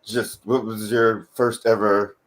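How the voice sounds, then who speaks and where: A man's voice: lowish voice, level tone, slow pace, fairly bright tone. A man voice actor asking fellow panelists easygoing questions. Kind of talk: casual panel chat.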